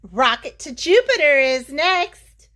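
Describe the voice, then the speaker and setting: A woman's voice: high-pitched, big pitch swings, takes it slowly, sharp tone, a little hiss or hum, pitched above the performer's own voice, heavily acted. A woman reading as a determined young boy inventor. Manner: earnest, storybook read-aloud.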